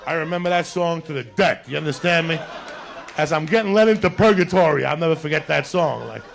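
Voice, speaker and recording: A man doing stand-up, telling a rambling, profane story in casual talk and acting out other people's lines, a little high. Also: fairly quick, vocal fry, slight background noise. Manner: acts out other people's lines in put-on voices. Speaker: stand-up comedian.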